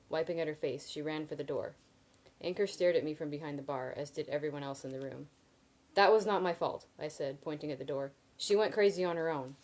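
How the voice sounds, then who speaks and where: A woman's voice: deep voice, dark tone, low-quality recording. A woman reading a novel aloud on a live video, stopping now and then for casual asides to her viewers. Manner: casual asides between reading, laughs at comments. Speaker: reader.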